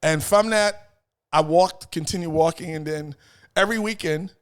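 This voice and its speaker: A middle-aged man, telling stories as an interview guest in an animated way, repeating phrases and acting out voices. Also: a little high, normal speed, clean tone. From New York. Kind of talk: casual storytelling chat.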